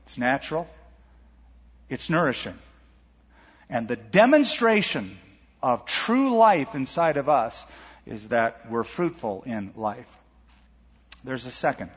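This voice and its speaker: A middle-aged man preaching a sermon as pastor, animated, asking rhetorical questions and reading scripture aloud. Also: medium pitch, slow pace, long pauses, husky. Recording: lo-fi church recording with long hall reverb.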